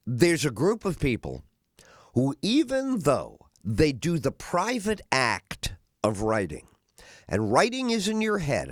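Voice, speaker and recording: Middle-aged male talk host, rambling monologue, very lively pitch, dry booth sound. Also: no echo. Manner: rambling, animated, acts out voices of others. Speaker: radio talk show host. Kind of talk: casual monologue.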